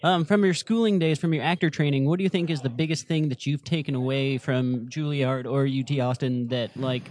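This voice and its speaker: A man hosting a podcast, asking a guest questions in a relaxed, casual way. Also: medium pitch, brisk. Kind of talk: casual interview.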